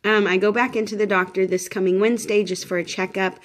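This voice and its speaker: A woman in her thirties talks casually to the camera in a pregnancy update vlog, her mid-range voice steady in tone and fast. She rambles with many fillers and restarts, sounding tired and a little shaky.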